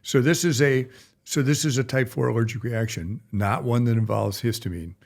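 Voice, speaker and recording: A man's voice: mid-range voice, normal speed, vocal fry, darkish tone. A middle-aged male veterinarian chatting on a podcast, rambling and folksy with blunt asides. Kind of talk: casual podcast chat.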